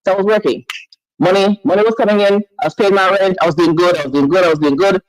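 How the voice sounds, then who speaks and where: A woman's voice: medium pitch, quick pace, no room sound, rough recording. A woman phoning in to a talk show. She speaks earnestly and stumbles, repeating and restarting her phrases. The sound is close and dry, with no room around it. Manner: emotional, earnest. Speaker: caller. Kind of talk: phone-in chat.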